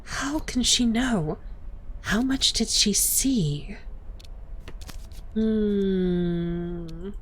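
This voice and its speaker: A woman's voice: medium pitch, drawn-out words, pauses often, a little hiss or hum. A young woman streamer, chatty, reading game text aloud and talking to viewers. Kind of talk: casual game playthrough narration.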